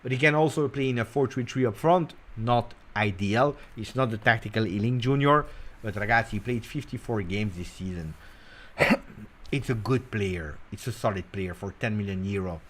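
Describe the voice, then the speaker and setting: A man hosting a casual football talk show, animated and teasing, jumping between loud bursts and quiet mutters. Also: fairly low pitch, normal speed. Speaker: football channel host. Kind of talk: casual live commentary.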